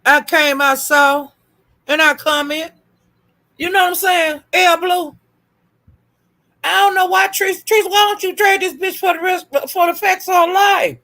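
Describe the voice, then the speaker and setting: A woman's voice: very high voice, fairly even intonation, moderate pace, bright, forceful tone. A woman hosting a live stream, taunting someone with profane, repetitive insults and calling out to her chat viewers by name. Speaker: livestream host.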